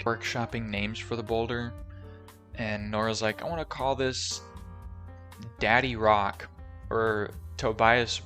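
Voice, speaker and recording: A man's voice: on the low side, fairly bright tone. A young man recapping a movie plot in a casual, jokey, rambling way with lots of fillers. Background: faint background music.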